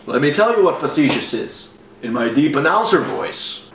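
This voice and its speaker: A young man from Bosnia, delivering a jokey deadpan comedy monologue straight to the camera. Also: mid-range voice, moderate pace. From Bosnia and Herzegovina. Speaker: comedy vlogger. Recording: echoey room with faint background noise, voice a bit off-mic.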